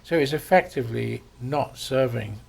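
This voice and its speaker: A man's voice: medium pitch, moderate pace, vocal fry, darkish tone, breathy edge. An older man with an English accent, a surgeon reminiscing in conversation, telling stories with frequent ums and restarts. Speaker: surgeon interviewee.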